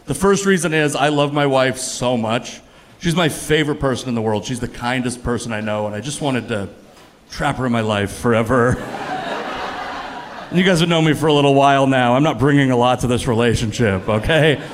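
A man in his thirties performing a stand-up comedy set on a club stage, with a punchy, animated delivery that jumps up on the punchlines. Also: mid-range voice, fairly quick. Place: comedy club stage before a laughing audience.

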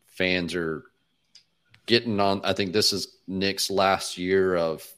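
Deep-voiced man hosting a sports podcast. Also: steady tone, a bit bright. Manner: measured, thinking aloud with hedging. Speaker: podcast host. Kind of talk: casual podcast chat.

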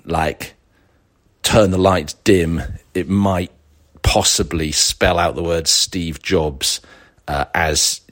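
Male podcast host, very low voice, rambling, sarcastic, digressive solo chat. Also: a bit bright. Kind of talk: casual solo podcast monologue.

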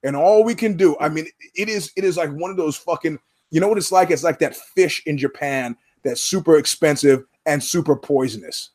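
Male podcast host, slightly high voice, blunt, swears freely, hammers points by repeating them. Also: normal speed, few pauses, darkish tone. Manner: profane, emphatic, repeats words for punch. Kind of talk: casual podcast commentary.

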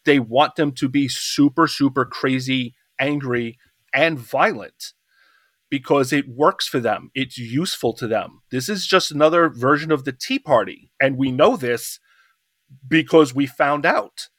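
A man's voice: mid-range voice, a little slow, fairly bright tone, dry recording, studio quality. A middle-aged man co-hosting a podcast, talking in a casual roundtable discussion, impassioned and rambling with restarts. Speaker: podcast co-host.

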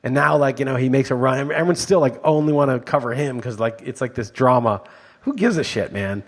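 A middle-aged man co-hosting a chatty podcast. He talks quickly and bluntly, with frequent profanity and emphatic, ranting delivery in a plain mid-range voice. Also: mid-range voice. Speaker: podcast co-host. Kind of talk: casual chat.

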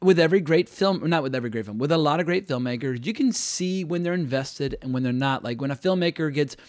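An American man hosting a casual podcast talk about films, animated and quick to laugh. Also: a little high, dry recording, clean studio sound. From United States. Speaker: podcast host. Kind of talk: casual film discussion.

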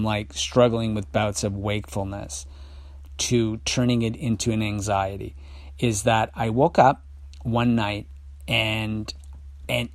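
Man telling a personal story, halting. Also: mid-range voice, no echo, clean studio sound. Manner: halting, many restarts and fillers; reflective, confessional. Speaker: podcast host.

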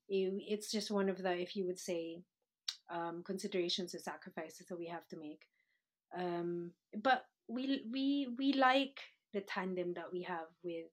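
A woman from the Philippines with a Manila accent, chatting as a podcast guest, laughing often and slipping into Tagalog. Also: on the low side. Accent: Filipino, Manila. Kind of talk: casual interview chat.

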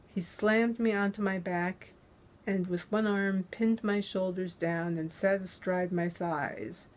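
Slow, unhurried woman narrating an audiobook. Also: lowish voice, darkish tone. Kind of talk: first-person audiobook narration.

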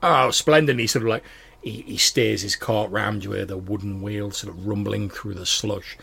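Gravelly, low-voiced game master. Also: male voice, little pitch movement, normal speed, a bit bright. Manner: loose, filler-heavy narration. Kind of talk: narrating a tabletop game.

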